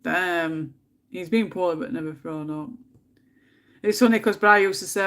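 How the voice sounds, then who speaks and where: A woman's voice: fairly low pitch, normal speed, long pauses. An English woman hosting a casual colouring livestream from home, chatting, laughing often and muttering to herself as she picks colours, with a bit of a cold. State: has a cold. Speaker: livestream host.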